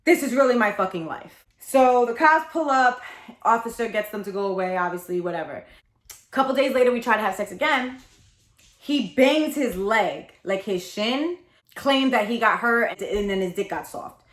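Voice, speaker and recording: A woman in her thirties telling a candid storytime confession, animated, dramatic and blunt, with lots of profanity. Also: a little high, normal speed, roomy sound. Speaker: storytelling vlogger.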